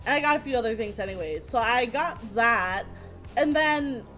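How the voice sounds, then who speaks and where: High-voiced woman telling a rambling story. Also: normal speed, soft background music. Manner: animated, rambling, swears freely. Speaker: streamer. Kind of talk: casual storytelling on a livestream.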